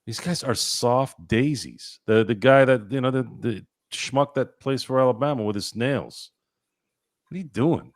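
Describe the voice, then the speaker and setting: A man's voice: medium pitch, measured pace, no echo. Blunt, ranting man on a sports podcast. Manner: swears casually. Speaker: podcast co-host. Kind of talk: casual sports podcast chat.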